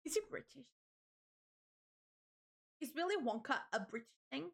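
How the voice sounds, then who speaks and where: A woman's voice: high voice, expressive, normal speed, creaky, fairly bright tone. Rambling, chatty young woman streamer. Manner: rambling, chatty, swears casually. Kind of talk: casual livestream chat.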